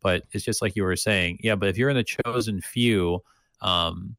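A man's voice: lowish voice, normal speed, gravelly, fairly bright tone, dry recording, clean studio sound. A man co-hosting a casual Bible discussion, talking with many restarts and fillers and reading passages aloud. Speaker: Bible study co-host.

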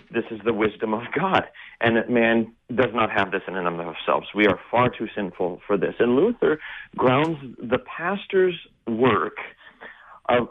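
Earnest pastor on tinny radio audio. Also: male voice, medium pitch. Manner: earnest, emphatic, slows down for stress. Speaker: Lutheran pastor. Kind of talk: sermon-like teaching.

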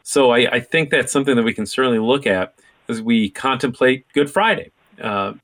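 A man hosting a faith talk show, speaking in a measured, thoughtful way. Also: medium pitch, fairly bright tone. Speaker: radio show host.

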